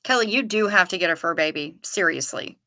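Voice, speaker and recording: A woman's voice: on the low side, animated, a little fast, sharp tone, no room sound, clean studio sound. A woman hosting a casual livestream, chatting and reading out viewer comments as she answers them. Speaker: livestream host.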